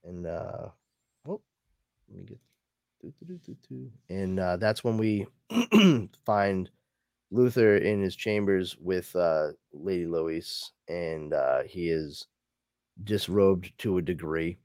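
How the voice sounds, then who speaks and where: A man's voice: deep voice, lively intonation, takes it slowly, a little mellow, dry recording, clean studio sound. A man hosting a podcast, casually recapping a comic book story in a rambling way, full of fillers. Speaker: podcast host.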